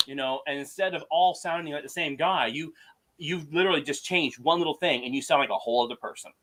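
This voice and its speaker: A man hosting a podcast, chatting casually and telling stories with animated emphasis. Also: fairly high pitch, quick pace. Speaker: podcast host. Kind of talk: casual conversation.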